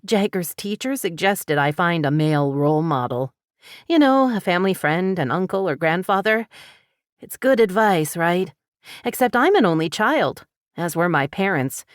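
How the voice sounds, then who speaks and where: A woman's voice: fairly low pitch, lively intonation, moderate pace, dry recording, close to an everyday voice. A worried, emotional single mom, as a woman reads her in an audiobook, her words pleading and strained with tears. The recording is close and dry. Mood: earnest. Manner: tearful, rising, pleading. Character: anxious, emotional single mother of two. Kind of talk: audiobook character voice.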